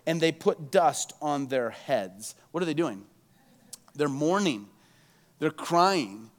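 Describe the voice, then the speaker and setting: Male preacher, slightly higher voice, dramatic sermon delivery with acted-out quotes. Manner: dramatic, acts out quoted prayers with rising intensity. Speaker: pastor.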